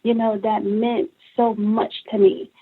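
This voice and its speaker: A woman's voice: mid-range voice, measured pace, husky. A woman from Brooklyn, New York, a guest author on a talk show, telling her story with feeling and acting out what people said to her. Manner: animated, emotional storytelling with acted-out quotes. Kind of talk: interview on a call-in talk show. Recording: tinny phone line.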